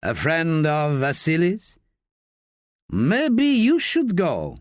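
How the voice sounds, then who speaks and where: A man voicing a wiry, menacing bar owner with a clipped Eastern European accent and a deadpan manner, in an audiobook. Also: a little high, very slow, no room sound, studio quality, voice pushed up, full character voice. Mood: cool menace.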